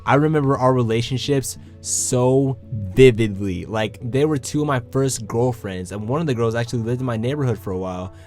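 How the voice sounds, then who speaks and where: Young man telling an awkward story. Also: medium pitch. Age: young adult. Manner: animated, acts out quoted lines. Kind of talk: casual storytelling to camera.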